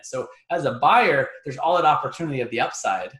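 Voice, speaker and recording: A man's voice: medium pitch, a little fast, hardly any pauses, fairly bright tone, reverberant. A man guest on a podcast interview, talking through ideas conversationally and often repeating words as he thinks. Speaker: guest, real estate investor.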